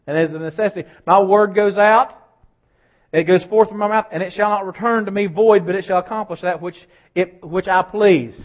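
A man preaching a sermon as pastor, starting low and quiet and building to loud, emphatic preaching. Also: brisk, muffled recording.

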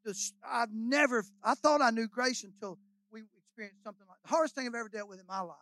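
A man's voice: very high-pitched, quick pace, fairly bright tone, no echo, low-quality recording. An older man, a guest pastor preaching a sermon in a folksy, emotional, rambling storytelling way full of hallelujahs and amens.

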